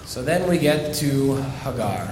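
A man, a rabbi, giving a storytelling sermon, delivered with dramatic pauses. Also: medium pitch, expressive, reverberant, background noise.

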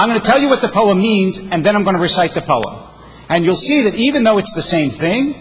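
A man's voice: high-pitched, fairly bright tone. A male rabbi giving a sermon, explaining verses emphatically and reciting poetry with expression. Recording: long hall reverb.

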